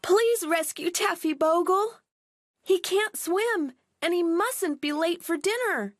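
Storybook little girls, woman reader doing them: high, urgent, begging for help. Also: big pitch swings, measured pace, husky, no echo, exaggerated voice. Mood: pleading. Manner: high, pleading, urgent cries. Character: two small girls, eager and anxious.

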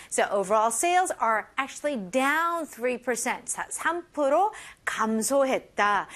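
A woman teaching English, her voice high and her intonation swooping widely. She is upbeat and expressive, moving back and forth between English and as she explains phrases and models them. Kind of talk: bilingual language lesson.

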